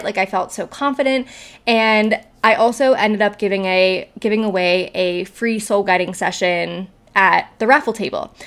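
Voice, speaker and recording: A young adult woman hosting a solo podcast as a coach, talking casually and tagging her points with "like" and "right?". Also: medium pitch. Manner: chatty, fills talk with "like" and "right?".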